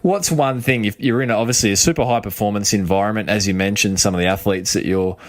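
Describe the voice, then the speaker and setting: Male podcast host, physiotherapist, low voice, relaxed friendly questions. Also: fast. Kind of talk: casual interview chat.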